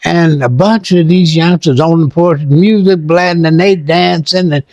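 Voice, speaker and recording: An older man telling stories in an interview, lively and acting out sounds and voices. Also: fairly high pitch, normal speed, no room sound, muffled recording. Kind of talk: animated storytelling.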